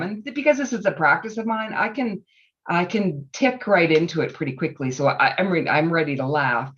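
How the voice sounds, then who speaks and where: A laughter yoga leader coaches a group through breathing and laughing exercises, encouraging and quick to laugh. The voice comes through a video call and sounds dull and muffled. It is also set back from the microphone. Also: mid-range voice, fairly bright tone, far from the mic. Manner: encouraging, instructive, laughs easily.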